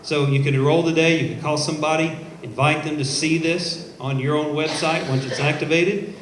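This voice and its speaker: Pumped-up guy selling to a room full of people, kinda high voice, echoey hall with a little background hiss. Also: fairly even intonation, normal speed. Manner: upbeat, persuasive, addresses the crowd directly. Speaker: company presenter. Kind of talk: live sales pitch to an audience. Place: event at a car showroom.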